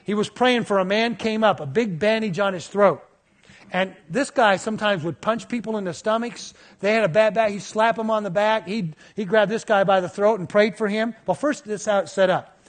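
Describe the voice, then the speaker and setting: Male preacher, 50s, high-pitched, animated sermon storyteller. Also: moderate pace.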